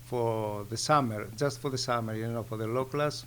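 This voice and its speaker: A man in his sixties from Greece with a Greek accent, a guest in a casual interview, speaking in plain, halting sentences with simple grammar. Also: mid-range voice, a little hiss or hum.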